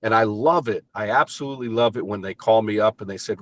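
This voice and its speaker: An older man with a fairly low voice talks with emphatic, fired-up enthusiasm, pressing his points like a motivational coach. He speaks from inside a car during an interview. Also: fast talker, few pauses. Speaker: payments sales team leader.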